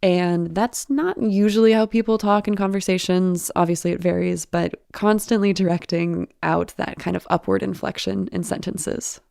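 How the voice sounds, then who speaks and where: Woman w a gravelly mellow voice, explains things patiently, former producer. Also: lowish voice, fairly even intonation, normal speed, few pauses, no room sound, studio quality. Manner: thoughtful, explanatory, warmly instructive. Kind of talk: interview guest.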